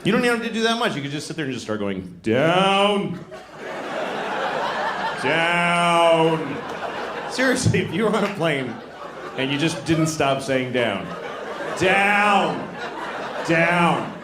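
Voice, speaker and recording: A man's voice: on the high side, big pitch swings, quick pace. A man doing a stand-up comedy set in a comedy club, wry and exasperated, acting out little voices. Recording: roomy club recording with crowd noise. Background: audience laughter.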